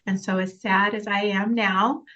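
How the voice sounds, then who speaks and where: A woman's voice: mid-range voice, little pitch movement, a little slow, fairly bright tone, dull audio. A woman actress talking earnestly and emotionally about her work, laughing through tears at times. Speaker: actress guest. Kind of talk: emotional interview talk.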